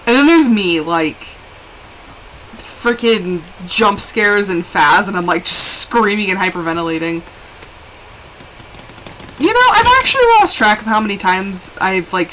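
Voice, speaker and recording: A woman's voice: mid-range voice, a little hiss or hum, low-quality recording. A young woman chatting casually and animatedly while live-streaming a game. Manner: chatty and animated, with laughs and exclamations.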